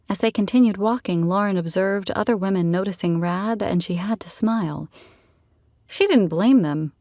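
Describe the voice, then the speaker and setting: A woman narrating a romance novel in a measured, steady storytelling voice. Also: mid-range voice, no echo, clean studio sound. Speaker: audiobook narrator. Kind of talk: scripted narration.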